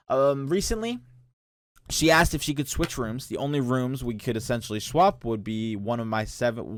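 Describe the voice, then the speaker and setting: A young man with a medium-pitched voice reacts to posts he reads aloud, joking and laughing often in loose slang. The sound is dry and close, with no room around it. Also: no room sound. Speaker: reaction streamer. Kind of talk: casual reaction commentary.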